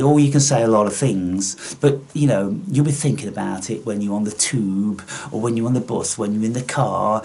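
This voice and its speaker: A low-pitched man rants into the camera with scorn and frequent swearing. His delivery rambles, looping through fillers and repeated phrases as he lectures his viewers. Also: moderate pace, a little mellow, husky. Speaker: vlogger. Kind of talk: ranting monologue.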